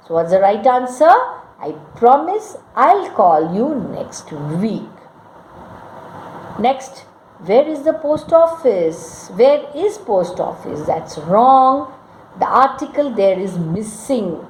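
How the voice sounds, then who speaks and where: Woman, English teacher, slow careful delivery, animated intonation, echoey room. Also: medium pitch, a little hiss or hum. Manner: slow, deliberate, corrects each sentence and quizzes the class. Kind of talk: classroom grammar lesson. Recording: echoey room with faint ambience.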